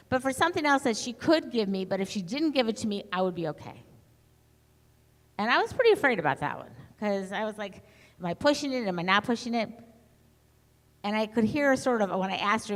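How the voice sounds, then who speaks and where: A middle-aged woman speaking to an audience in a lively storytelling talk, acting out the voices she quotes. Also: mid-range voice. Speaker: conference speaker. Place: conference hall. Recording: long hall reverb.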